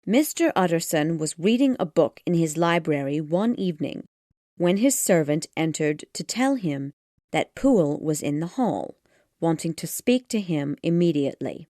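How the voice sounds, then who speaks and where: A woman narrating an audiobook of a classic gothic tale in a steady storytelling manner. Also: deep voice, normal speed, no echo, studio quality.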